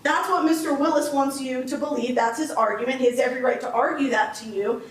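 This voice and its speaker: A woman's voice: sits high, fast talker. A woman prosecutor giving a closing argument to a jury, explaining the law step by step with emphasis. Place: courtroom. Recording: echoey courtroom audio from a distance.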